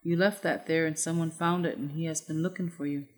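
A woman reading as a fiery, loyal warrior from a storybook, hoarse and urgent in manner. Her voice is lowish in pitch and pushes forward with feeling. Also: fairly even intonation, brisk, natural voice. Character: hot-tempered loyal warrior friend, adult man.

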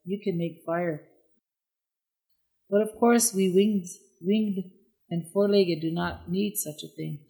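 A wise old-world male eagle in a storybook, calm and kind, offering comfort in measured words, as the narrator voices him. His voice lifts a little above the telling, lively but unhurried. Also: mid-range voice, gravelly, low-quality recording. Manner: calm, gentle and reassuring.

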